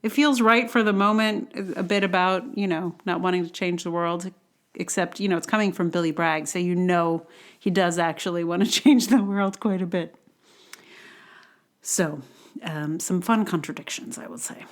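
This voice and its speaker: A woman's voice: lowish voice, normal speed. A woman from New York hosting a solo podcast, talking in a rambling, chatty way with self-deprecating asides. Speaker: podcast host.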